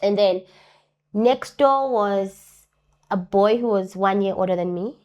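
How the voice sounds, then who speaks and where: A woman's voice: medium pitch, slow pace, clear, resonant tone, lo-fi sound. Earnest woman giving personal testimony. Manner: earnest, repeats key phrases for emphasis; acts out other people's words in lively voices. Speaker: interview guest. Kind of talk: personal testimony in a talk show interview.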